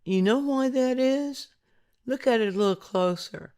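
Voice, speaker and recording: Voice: high-pitched, a little slow, a little mellow, clean tone. An art instructor giving a patient, explanatory voice-over lesson, often asking the viewer to look closely.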